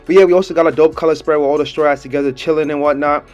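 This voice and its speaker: A man's voice: a little high, fairly even intonation, very fast, darkish tone, lo-fi sound, soft background music. A young man giving a casual video review of a comic chapter, talking in a laid-back, slangy way and laughing often.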